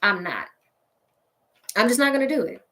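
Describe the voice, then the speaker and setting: A woman's voice: on the high side, moderate pace. A woman hosting a show and delivering a casual, sassy comedic rant straight to her listeners, laughing often along the way. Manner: sassy, petty, animated ranting. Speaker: podcast host.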